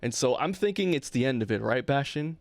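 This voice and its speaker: A man's voice: mid-range voice, expressive, a little fast, dry recording. Dry-voiced man telling a story. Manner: acts out the people in his stories. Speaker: podcast co-host. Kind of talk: casual anecdote telling.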